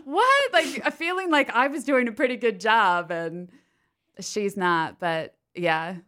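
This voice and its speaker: A woman's voice: medium pitch, measured pace, fairly bright tone. A woman from Pennsylvania, a stage actress talking as a podcast guest, chatty and full of "like" fillers, laughing often. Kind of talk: casual interview chat.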